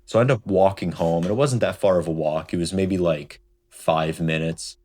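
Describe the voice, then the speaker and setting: A young man with a low, warm voice tells a casual childhood story at a moderate pace. He's a storytime vlogger who rambles and leans heavily on fillers like "like" and "right?".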